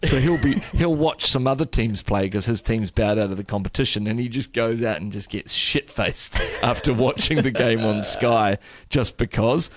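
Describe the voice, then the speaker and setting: Cheeky New podcast joker, dry sound. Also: male voice, mid-range voice, normal speed, few pauses, no echo. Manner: cheeky, crude, laughing joker. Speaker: podcast co-host. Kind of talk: casual sports banter.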